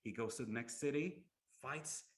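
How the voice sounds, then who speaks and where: A man's voice: medium pitch, normal speed. A man giving an Islamic lecture as a storytelling tale, posing rhetorical questions and often repeating words as he goes.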